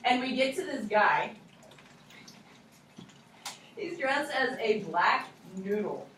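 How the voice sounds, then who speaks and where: A young woman teacher telling a playful, animated story to a class of children, recorded from far away in an echoey classroom. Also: a little high, takes it slowly, slight background noise. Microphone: distant recorder.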